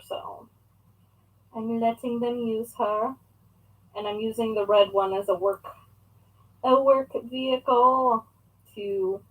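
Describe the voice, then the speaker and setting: A woman's voice: mid-range voice, fairly bright tone, poor audio. A young woman chatting casually in a crafting vlog at home, rambling and talking to herself and her pet as she works. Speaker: crafting vlogger.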